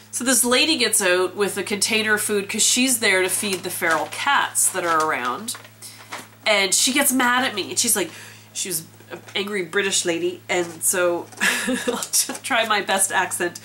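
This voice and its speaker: A woman's voice: medium pitch, moderate pace, sharp tone, a little hiss or hum. A woman vlogging in a chatty, self-mocking way and laughing often, talking from outdoors and from inside a parked car. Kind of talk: casual storytelling vlog.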